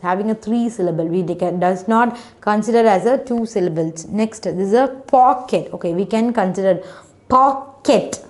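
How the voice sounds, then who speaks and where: A woman's voice: mid-range voice, brisk, few pauses, mellow. A woman teacher giving a phonics lesson to children, patiently sounding out words syllable by syllable in non-native English phrasing.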